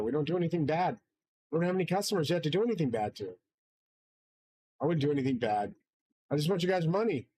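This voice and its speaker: A man's voice: fairly high pitch, no echo, low-quality recording. A man hosting his own channel, delivering a rambling, profane and grandiose solo monologue from his studio. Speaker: channel host.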